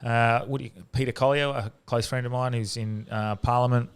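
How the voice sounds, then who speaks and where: An Australian man hosting a podcast, talking casually in a halting way with many fillers and restarts. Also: mid-range voice, steady tone, smooth. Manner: halting, full of fillers and restarts, laughs often. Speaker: podcast host. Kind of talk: casual chat.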